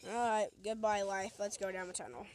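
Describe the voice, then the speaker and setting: With slight background noise, a young woman speaks briskly at medium pitch while playing a video game. Her let's play commentary is goofy and casual, addressing the game and its enemies and breaking into shrieks when trouble hits.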